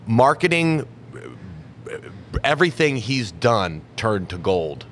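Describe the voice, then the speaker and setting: A man with a middling pitch chats casually and winds his way through a long anecdote, restarting his sentences often. Faint noise sits under his voice. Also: big pitch swings, slow pace, fairly bright tone. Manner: rambling, with fillers and restarts. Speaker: comedian guest. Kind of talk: casual storytelling chat.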